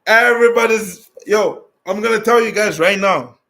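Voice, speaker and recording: A man's voice: high-pitched, moderate pace, creaky, pushed and bright. A man vlogging in a casual, rambling way as he answers viewer questions, talking bluntly with many restarts and fillers. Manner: blunt and direct.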